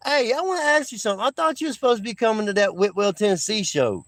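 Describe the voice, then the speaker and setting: A man's voice: high voice, animated, brisk, no room sound, clean studio sound. Laid-back, rambling male streamer. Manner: rambling and laid-back, laughs often, restarts sentences. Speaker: livestream host. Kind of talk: casual livestream chat with viewers.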